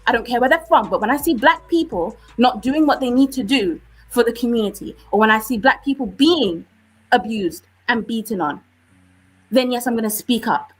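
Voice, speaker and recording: A woman with a British accent, arguing forcefully on a live-stream debate and often asking "okay?". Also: fairly high pitch, moderate pace, slightly rough, rough recording. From United Kingdom.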